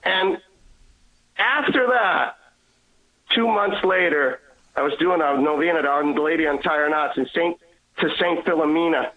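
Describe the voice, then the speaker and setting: Earnest man on a tinny phone line. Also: on the high side. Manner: earnest, repeats himself, restarts often. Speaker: guest sharing a faith testimony. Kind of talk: emotional personal storytelling.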